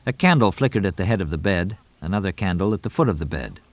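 A man narrating a novel audiobook in a measured, even way. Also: low voice, no echo. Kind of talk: scripted narration.

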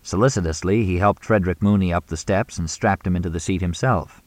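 Male audiobook narrator, measured, low and dry. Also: darkish tone, no echo. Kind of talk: scripted narration.

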